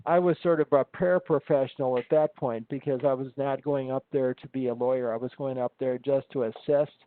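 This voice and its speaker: A man's voice: medium pitch, steady tone, fairly quick. A man, an instructor, telling stories in a casual conversation, rambling with many ums and restarts. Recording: tinny phone-like line.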